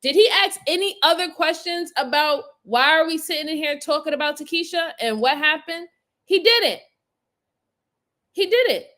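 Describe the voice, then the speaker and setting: Woman streamer, chatty commentary, laughs a lot, bright voice, fairly high pitch. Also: lively intonation, normal speed. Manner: chatty, laughs often, reads viewer comments aloud. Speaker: live stream host reviewing crime footage. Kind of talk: casual commentary reading chat comments.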